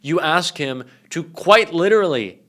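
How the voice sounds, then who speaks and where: A young man delivering political commentary with indignant emphasis. His voice is bright and forceful, hammering each point. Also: on the high side, expressive, unhurried.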